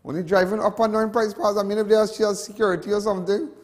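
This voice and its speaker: A Trinidadian TV host with a high voice delivers a passionate monologue at a quick pace and a level tone. He rambles, repeats himself, and slips into local slang as he gets worked up, and a long reverb trails his voice.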